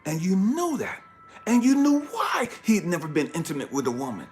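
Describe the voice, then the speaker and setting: Male life coach, high and expressive voice, profane storytelling rant, faint music underneath. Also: moderate pace. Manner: profane, emphatic, builds to shouting.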